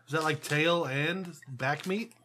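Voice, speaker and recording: A man's voice: on the high side, unhurried, pushed and bright. A man co-hosting a podcast in casual chat, joking, swearing and laughing often. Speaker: podcast co-host.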